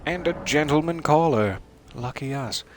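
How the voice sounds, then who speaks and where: A man's voice: on the high side, moderate pace, background noise. A man giving casual let's-play commentary, making wry joking asides to his viewers and sometimes dropping into a mutter. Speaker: streamer playing a video game.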